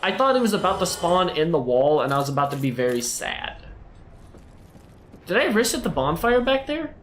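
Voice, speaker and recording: A man's voice: a little high, very animated, moderate pace, a bit bright, slight background noise. A man live-streaming a video game, chatting with viewers and teasing them and the game in a playful way.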